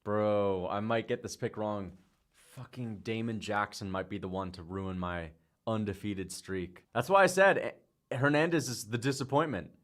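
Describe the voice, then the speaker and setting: A young man streaming live, calling fight picks with hyped, shouting bursts, swearing and playful trash talk. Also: on the low side, moderate pace. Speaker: livestreamer making fight picks. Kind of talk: excited livestream reaction commentary.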